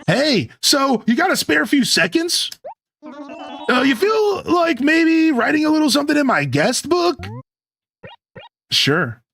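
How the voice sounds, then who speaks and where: A man's voice: mid-range voice, a little fast, few pauses, faint music behind, close to an everyday voice. A man voicing a laid-back, friendly male animal villager from a life-sim game, with a drawling surfer-dude way of talking and calling everyone dude. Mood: upbeat. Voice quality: drawling California-style surfer slang. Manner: breezy, calls everyone dude. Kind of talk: reading game dialogue aloud in character.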